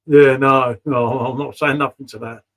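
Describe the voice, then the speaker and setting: A man's voice: mid-range voice, steady tone, normal speed, fairly bright tone, rough recording. A man, hosting a casual livestream chat over beers and talking in a laid-back, matey way. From England. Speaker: livestream host.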